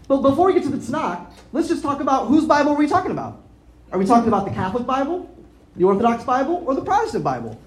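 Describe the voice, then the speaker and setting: A woman preaching a teaching sermon, her pitch moving a lot as she explains. She walks her listeners through the text and checks in with them through questions. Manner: explanatory, asks the audience questions; spells out Greek words slowly. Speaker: pastor.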